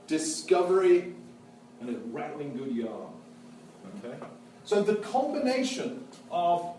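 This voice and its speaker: A man's voice: on the high side, slight background noise. A man playing a witty, enthusiastic Victorian naturalist, lecturing in character with a theatrical, joking delivery. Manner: animated, theatrical, joking storyteller. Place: museum lecture hall. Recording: echoey hall, mic far off.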